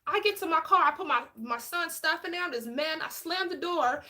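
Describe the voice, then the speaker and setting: A high, bright woman's voice talking straight to camera. She is frank and outspoken, and she tells her stories with lots of animation in a casual vlog style. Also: a little fast. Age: adult with a child. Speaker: vlogger and former police officer.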